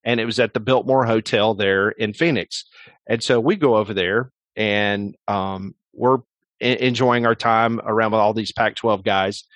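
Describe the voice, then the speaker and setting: A man's voice: fairly low pitch, fairly even intonation, moderate pace, fairly bright tone, no room sound. Filler-heavy man telling a story. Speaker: sports radio host, guest. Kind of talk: casual storytelling interview.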